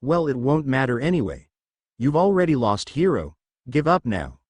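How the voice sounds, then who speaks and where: A man's voice: medium pitch, sing-song, normal speed, darkish tone, no room sound. A man voicing an earnest young male student hamming it up as a gloating cartoon villain with theatrical gasps.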